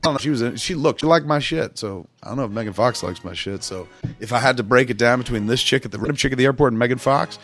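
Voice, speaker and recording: A man's voice: medium pitch, quick pace, a bit bright, faint music behind. A man casually telling a long, rambling, profane story on a podcast, acting out what everyone said. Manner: profane, rambling, acts out quotes.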